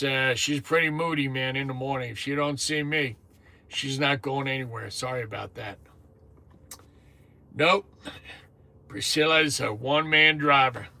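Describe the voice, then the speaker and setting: On his lunch break in the truck cab, a New Jersey trucker in his 50s runs a relaxed live chat, calling out viewers by name and cursing offhandedly. He's talkative, with a bright, mid-range voice that turns creaky.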